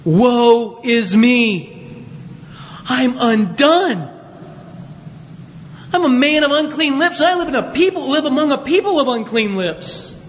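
Man playing a trembling prophet in awe, slow and drawn out, high voice, long church echo. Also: expressive, a little hiss or hum, heavily acted. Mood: awed. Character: awestruck male prophet, humbled and trembling.

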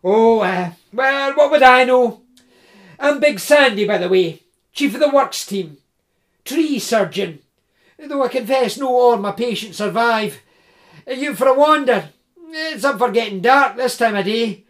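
A man voicing a big, bearded, jovial male tree surgeon with a Scottish accent, loud and teasing. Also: extremely high pitch, lively intonation, measured pace, pitched above the performer's own voice, heavily acted.

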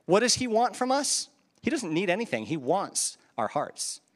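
A pastor preaches into a handheld microphone in a reverberant hall, his high, sing-song voice moving at a normal speed. He keeps it conversational, posing rhetorical questions and chuckling at his own asides.

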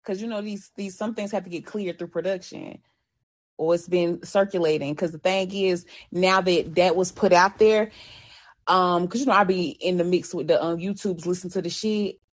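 A woman's voice: fairly low pitch, fairly even intonation, moderate pace. A woman co-hosting a casual podcast, reacting bluntly and cursing as she comments on gossip. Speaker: podcast co-host.

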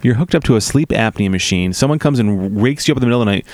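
A man co-hosting a casual comedy chat, riffing on jokes in quick bursts and laughing often. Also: medium pitch, lively intonation, darkish tone, no room sound. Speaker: podcast co-host.

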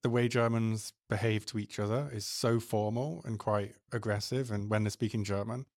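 Dry-voiced middle-aged British podcast host. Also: male voice, fairly low pitch, fairly even intonation, normal speed, a little mellow, no room sound. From United Kingdom. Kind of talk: casual podcast chat.

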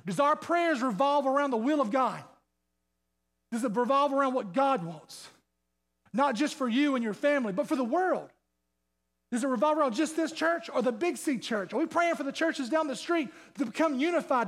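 A man's voice: very high-pitched, lively intonation, normal speed, a bit bright. A male pastor preaching a sermon, fired up, firing off rhetorical questions and repeating himself. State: sweating.

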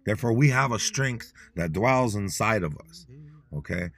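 A man's voice: fairly low pitch, lively intonation, moderate pace, gravelly, a bit bright. A man giving a casual motivational talk, slangy and repetitive, coaching listeners to repeat words with him. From Dakota people. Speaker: motivational speaker teaching Dakota words.

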